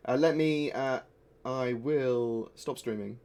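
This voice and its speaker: A man's voice: mid-range voice, takes it slowly, darkish tone, clean tone. A man streaming a video game live, chatting in a rambling, distracted way with plenty of asides. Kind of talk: live-stream chat while gaming. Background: faint music.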